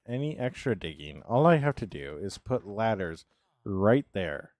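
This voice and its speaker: A man streaming a game with a fairly low voice that swings widely and expressively up and down. He chats casually and rambles between tasks, answering his viewers as he plays. The sound is dry and close, with no room echo. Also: sing-song, measured pace, darkish tone. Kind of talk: casual live-stream chat while playing a game.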